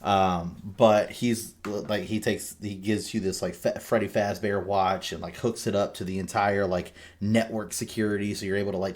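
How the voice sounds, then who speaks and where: A man hosting a podcast, recapping a game in a rambling, animated way and swearing freely. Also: lowish voice. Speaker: podcast host. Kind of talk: casual chat.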